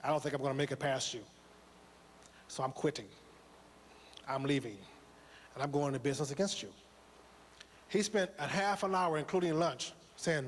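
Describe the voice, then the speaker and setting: Male motivational speaker, high voice, preacher-like cadence, reverberant hall. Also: moderate pace, long pauses. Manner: preaching, rhetorical questions, repetition. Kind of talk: motivational speech to a live audience.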